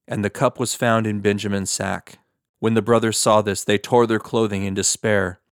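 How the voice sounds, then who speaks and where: Low-voiced man reading scripture. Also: no echo, studio quality. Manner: steady, measured reading. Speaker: scripture reader. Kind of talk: scripted narration.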